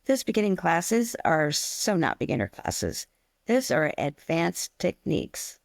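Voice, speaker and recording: Brief: woman co-host, chatty storyteller, mid pitch leaning low, dry close mic. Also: unhurried, no echo. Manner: chatty, animated storytelling with acted-out quotes. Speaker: podcast co-host, stained glass teacher. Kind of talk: casual chat.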